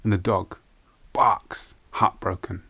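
Slow gravelly-voiced storyteller man. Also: low-pitched, fairly even intonation. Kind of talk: oral folk-tale storytelling.

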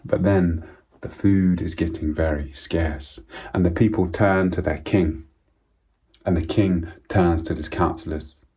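A man telling a folk tale aloud in a measured, solemn way, often dropping to a quiet voice. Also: low-pitched, fairly even intonation, husky. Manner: slow, measured and solemn with repetitions. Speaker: storyteller. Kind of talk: oral storytelling of a folk tale.

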